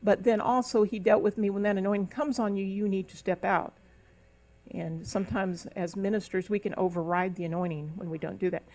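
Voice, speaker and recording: A woman's voice: medium pitch, steady tone, a little fast, a little mellow. Woman minister preaching in a church. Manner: preacherly, speaks in tongues, rises into emphatic calls. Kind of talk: sermon. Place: church service.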